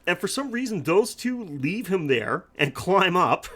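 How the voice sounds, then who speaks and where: Guy cohost laughing thru a movie recap, bit high voice, swears. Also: very animated, unhurried, fairly bright tone, breathy edge. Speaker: podcast co-host.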